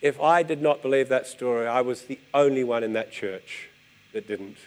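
Preacher telling a vivid story. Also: male voice, medium pitch, moderate pace. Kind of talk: storytelling sermon.

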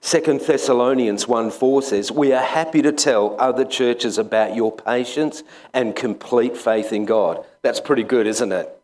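A man, a school chaplain, preaching a sermon in a conversational, halting way with many pauses and restarts. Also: medium pitch, a little mellow. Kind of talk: sermon with personal story.

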